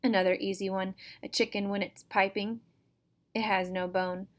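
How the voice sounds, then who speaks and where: A woman reading a storybook aloud, voicing a mean, bossy old backwoods woman with a shrill, harsh voice and folksy rural grammar. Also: flat delivery, moderate pace, natural voice. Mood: taunting.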